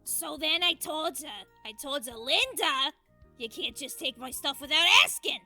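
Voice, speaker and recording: A woman voicing a brash, gossiping middle-aged mother with a New Jersey accent in a fan-made animated audio drama. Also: high voice, soft background music, heavily acted. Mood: indignant. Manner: loud, drawn-out, nagging complaints.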